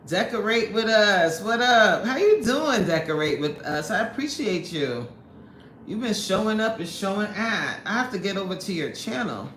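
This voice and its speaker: Indoors at her workplace, a woman runs a casual live stream, chatting, greeting viewers and laughing a lot. Her medium-pitched voice swings widely, sounds fairly bright and moves at a moderate pace, with roomy echo and faint background noise in the recording.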